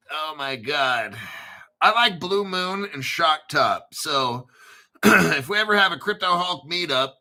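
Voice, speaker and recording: A man's voice: on the high side, animated, slow pace, long pauses, bright, forceful tone. A middle-aged man hosting a livestream, chatting casually and rambling with profanity and frequent laughter. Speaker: livestream host.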